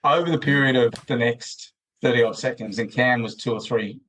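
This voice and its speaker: In a casual interview, an Australian man on a podcast rambles at length, restarting often and leaning on fillers. His mid-range voice has a fairly bright tone and moves at a moderate pace, though the audio is poor with slight background noise.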